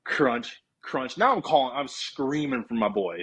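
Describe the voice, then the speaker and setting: In dull-sounding audio, a man with a husky, medium-pitched voice takes his time relating a long story as a podcast guest. He's lively about it, performing the lines he and his friends spoke.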